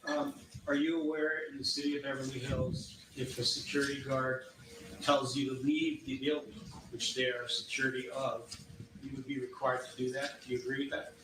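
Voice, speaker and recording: A man's voice: medium pitch, level tone, fairly quick, noisy background. A man acting as an attorney, cross-examining a witness with pointed yes-or-no questions. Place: courtroom. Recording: distant, echoey courtroom mic.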